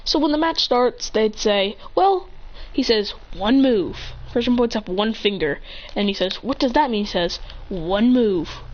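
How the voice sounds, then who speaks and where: A woman improvising a fan story while gaming, rambling, correcting herself and getting excited as she jumps between characters' lines. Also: a little high, moderate pace. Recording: dull lo-fi recording.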